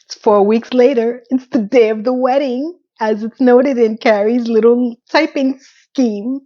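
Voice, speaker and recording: A woman's voice: a little high, a little slow, muffled recording. Chatty woman recapping a TV episode. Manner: animated, acts out quotes.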